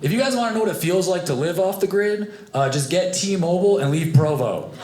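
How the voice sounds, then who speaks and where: A young man doing a stand-up comedy set, animated and acting out the people in his stories. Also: high-pitched, fairly quick. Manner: animated, acts out voices of family and strangers. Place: comedy club stage with live audience. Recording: echoey club room, noisy audience.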